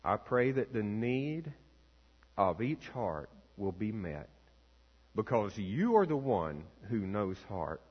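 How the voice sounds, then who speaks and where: A man, a pastor, reading scripture aloud and leading prayer in a slow, measured, solemn way. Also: fairly low pitch, very animated. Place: church sanctuary. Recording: long reverb, dull lo-fi sound.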